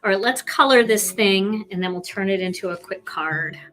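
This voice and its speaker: A woman's voice: mid-range voice, moderate pace, bright, forceful tone, soft background music. A woman with a Philadelphia accent hosting a live card-making demonstration, chatty and self-deprecating as she colors. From Philadelphia, USA.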